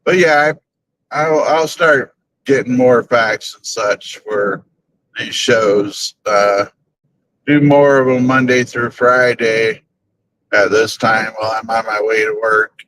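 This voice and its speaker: On his drive to work, a man hosting a paranormal group's live stream chats loosely, rambling and frequently chuckling. His medium-pitched voice keeps a steady tone and slow pace against a noisy background.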